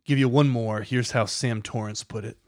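A man's voice: medium pitch, fairly even intonation, normal speed, no echo, studio quality. A man hosting a podcast, reading scripted documentary narration with a dramatic, building emphasis. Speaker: podcast host.

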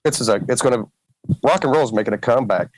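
A man's voice: mid-range voice, fast talker, a little hiss or hum, poor audio. A man with a strong Southern accent, a guest musician chatting casually and laughing easily. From Mississippi. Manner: easygoing, laughs often. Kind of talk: casual chat.

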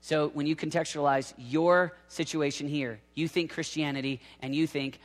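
A man's voice: on the high side, steady tone, moderate pace, few pauses. A man preaching with energy, acting out the voices of people he quotes. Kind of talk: sermon. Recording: reverberant hall.

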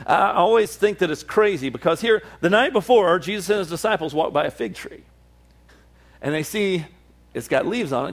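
A middle-aged man preaches a sermon, reading scripture and then retelling it with animated storytelling. His voice sits a little high for a man. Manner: animated storytelling, acts out the disciples in a high excited voice. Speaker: pastor.

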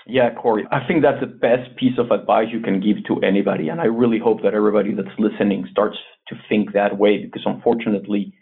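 A man's voice: fairly low pitch, fairly even intonation, fast talker, hardly any pauses, husky. Man on a tinny phone-like line. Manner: earnest, advisory, frequent restarts. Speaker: investment bank CEO, guest. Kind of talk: conversational interview answers.

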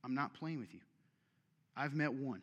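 A man preaching a sermon as pastor, with an emphatic, conversational delivery and big swings from loud to quiet. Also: mid-range voice, animated, moderate pace, in a large hall, dull audio.

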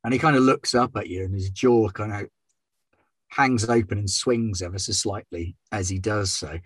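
A man running a tabletop game, describing the scene in a wry, relaxed way. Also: on the low side, moderate pace, slightly rough, dry recording. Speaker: game master.

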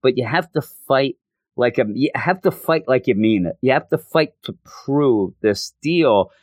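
A man's voice: medium pitch, expressive, unhurried, no room sound, clean studio sound. A man hosting a podcast, talking through a comic in a rambling, self-interrupting way. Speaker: podcast host. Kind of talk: casual comic book review.

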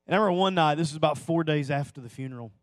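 A man preaching a sermon to a church audience, telling a personal story that swells into impassioned pleading and drops to hushed, slow emphasis. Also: a little high, dry recording. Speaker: pastor.

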